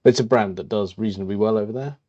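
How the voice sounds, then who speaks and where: A man co-hosting a podcast, chatting casually and thinking aloud slowly with lots of hesitations. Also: lowish voice, dark tone, highs cut off. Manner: slow, musing, thinks aloud with many ums. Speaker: podcast co-host. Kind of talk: casual chat.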